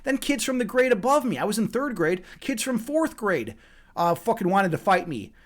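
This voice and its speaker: An American streamer with a fairly high voice tells stories to his chat. He swears constantly and rambles loosely, often restarting his sentences. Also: very animated, moderate pace. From USA. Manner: profane, rambling, many restarts. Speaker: livestream host. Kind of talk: casual chat, reading out chat comments.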